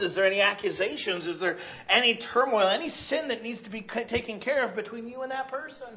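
Male pastor, sermon, loudmouth conversational delivery, slightly high voice, muffled lo-fi sound. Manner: loud, conversational preaching with frequent "right?" asides.

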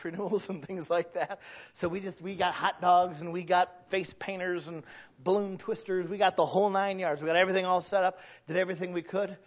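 A man preaching a sermon as a pastor, swinging from quiet storytelling to loud shouted points, with humor. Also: on the high side. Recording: dull lo-fi sound.

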